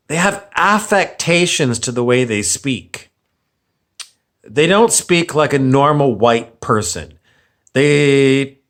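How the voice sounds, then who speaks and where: A man's voice: mid-range voice, a bit bright. A man ranting on camera as a vlogger, sarcastic and meandering, often repeating himself. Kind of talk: rambling opinion rant.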